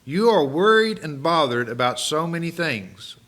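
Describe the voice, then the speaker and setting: A man's voice: fairly high pitch, animated, moderate pace, fairly bright tone. A preacher voicing a patient male teacher who insistently repeats a name to get attention and then instructs. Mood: teaching.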